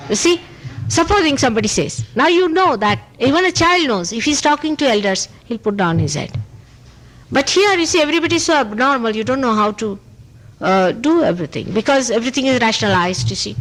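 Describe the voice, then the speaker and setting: Animated Indian woman teaching, old tape. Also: brisk, rough recording. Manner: animated and emphatic, pitch rising on key points; speaks in short repeated phrases with "you see". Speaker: spiritual teacher. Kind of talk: spontaneous spiritual talk answering questions. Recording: old archival tape recording.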